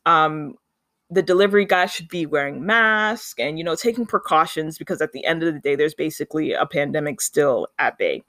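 A speaker from Canada, telling a story in a chatty, animated vlog style and acting out the dialogue. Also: medium pitch, fairly quick, dry recording, clean studio sound.

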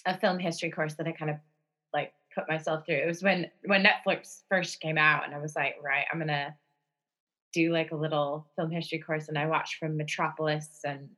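A woman co-hosting a podcast in casual chat, talkative and quick to laugh, given to rambling asides. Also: low-pitched, level tone, fairly bright tone, low-quality recording. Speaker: podcast co-host.

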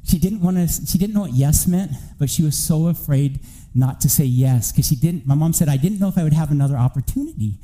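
A man preaching a church sermon, telling a family testimony as an animated story that climbs toward near-shouting. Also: on the high side, fairly quick, hardly any pauses, poor audio.

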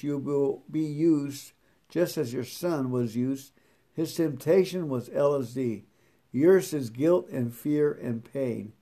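Slow, deliberate man reading devotions. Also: mid-range voice, dark tone. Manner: slow, deliberate reading that repeats scripture verses; halting and stammering in his own comments. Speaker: truck driver reading a devotional book aloud. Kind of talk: devotional reading with personal comments.

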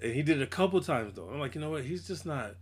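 Animated slangy man telling stories. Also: a little high, fast, husky. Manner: animated storytelling, slangy, acts out quotes. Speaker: podcast co-host. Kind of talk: casual chat.

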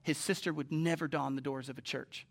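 A man preaching a sermon who tells stories quietly, then builds to loud, passionate proclaiming. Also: on the high side, fairly even intonation, a little fast, creaky. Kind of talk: sermon with storytelling.

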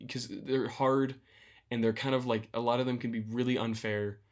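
A man's voice: mid-range voice, fairly even intonation, normal speed. A man co-hosting a gaming podcast, talking with rambling enthusiasm and many restarts. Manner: enthusiastic, rambling, lots of fillers like dude. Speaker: podcast co-host. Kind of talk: casual chat.

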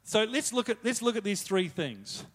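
High-voiced man giving a chatty sermon. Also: very animated, normal speed, breathy edge. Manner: casual, joking asides, retold quotes. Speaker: preacher. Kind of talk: conversational sermon.

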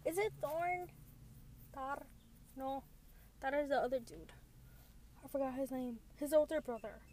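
A woman's voice: high voice, measured pace, dark tone, slight background noise. A young woman casually recapping a TV episode, rambling with lots of filler words and giggles. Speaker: show recap vlogger.

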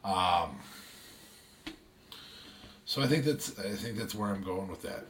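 A man's voice: low voice, lively intonation, takes it slowly, a bit bright, a little hiss or hum. A man co-hosting a casual podcast chat, hesitant, with many ums and restarts as he thinks aloud. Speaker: podcast co-host.

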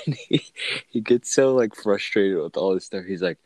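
A man's voice: sits low, lively intonation, normal speed, a little mellow, dry recording. A man in casual chat who laughs easily and rambles through his stories with lots of fillers. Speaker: co-host telling work stories.

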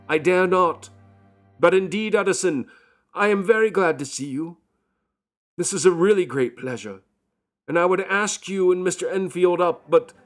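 A man's voice: sits high, pitched above the performer's own voice. A man voicing a sighing, despairing doctor. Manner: dreary, faltering sighs. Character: gloomy despairing male doctor, middle-aged. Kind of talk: audiobook character voice.

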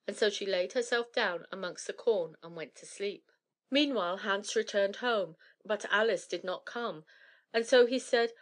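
A woman narrating an old fairy tale in a steady, measured reading voice. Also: medium pitch. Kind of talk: storybook reading.

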